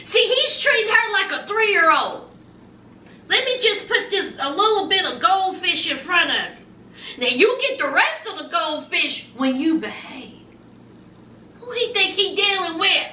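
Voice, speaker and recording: A woman's voice: very high voice, big pitch swings, unhurried, pushed and bright, echoey room, far from the mic, slight background noise. A woman in her forties giving a sassy, emphatic recap of a reality show, repeating lines for effect. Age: 40s. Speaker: TV show reviewer.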